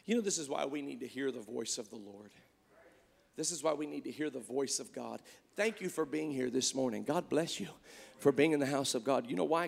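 A man preaching a sermon in a church, swinging from loud shouts down to hushed, quiet lines. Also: fairly high pitch, gravelly, big-room sound. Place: church sanctuary.

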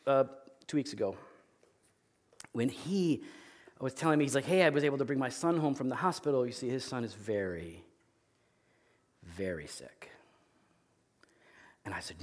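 A male pastor in his thirties preaching a sermon, telling candid, self-deprecating stories about his family, with sudden bursts of acted yelling. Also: medium pitch, animated, normal speed, pauses often.

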